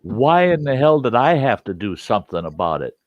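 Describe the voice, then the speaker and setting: A woman's voice: very deep voice, sing-song, brisk, no echo. A man voicing a big, tall woman bowler who scolds bluntly and cusses, on a dull, dry recording. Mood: exasperated.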